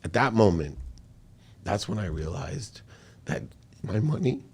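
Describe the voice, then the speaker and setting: A man who is a podcast guest, telling an emotional personal story in an interview with animated, emphatic delivery. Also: lowish voice, unhurried, vocal fry, husky.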